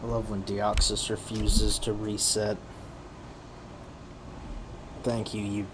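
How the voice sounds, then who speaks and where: A man's voice: on the low side, completely flat delivery, slow pace, long pauses, noisy background. A man streaming and talking to himself in a casual, rambling way, tired and yawning, often restarting his sentences. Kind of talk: casual solo stream commentary.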